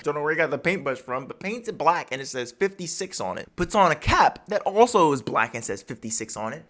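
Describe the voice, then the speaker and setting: A man casually breaking down a comic chapter for his channel in a rambling, storytelling way. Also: high voice. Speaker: manga recap YouTuber.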